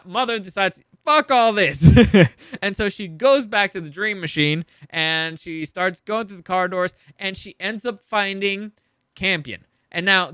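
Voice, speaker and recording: A man with a high, bright voice rambles through an episode recap, acting out the characters with laughs and swearing. The sound is dry and close, with no room around it. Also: clean tone, no echo. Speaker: show reviewer.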